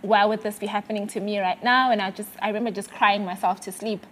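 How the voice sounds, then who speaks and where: A woman from South Africa sharing a personal faith testimony in conversation, earnest and halting with many fillers and restarts. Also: medium pitch, fairly even intonation, fairly bright tone, a little hiss or hum.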